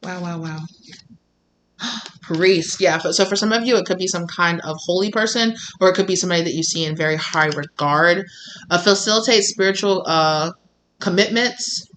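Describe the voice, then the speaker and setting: A tarot reader speaks straight to viewers in a bright, forward voice, pitched in the middle of the range. The delivery rambles and circles back, peppered with "like" and little acted-out snippets of the people in the cards. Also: normal speed, slight background noise. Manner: rambling, lots of "like", acts out voices of the people in the reading. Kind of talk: intuitive tarot reading to viewers.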